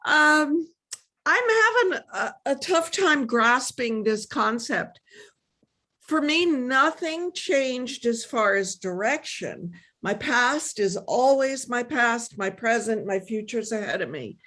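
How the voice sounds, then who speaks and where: A woman student on a video call, speaking in an animated, candid way. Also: a little high, slow pace.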